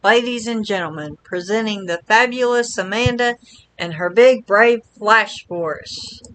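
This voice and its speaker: A woman's voice: mid-range voice, a little slow, a bit bright, a little hiss or hum, lightly acted, rough recording. A woman reading out a gushing young female street magician in a flowery, overly sweet manner. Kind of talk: reading game dialogue aloud.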